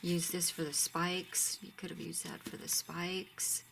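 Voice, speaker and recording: A woman's voice: on the low side, flat delivery, unhurried, vocal fry, fairly bright tone, a little hiss or hum. A woman casually showing off ribbons from her craft shop, chatty and gushing, often dropping to a near-whisper. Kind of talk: casual product show-and-tell.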